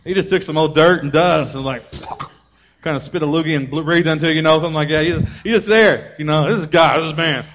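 Energetic male preacher, slightly high voice. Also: quick pace. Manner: energetic preaching, acts out family members in raised voices. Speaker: pastor. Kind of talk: sermon.

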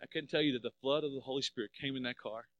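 A middle-aged man preaching a sermon as pastor, emphatic, swelling louder on key phrases and dropping low for personal stories. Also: very fast, dry recording, dull audio.

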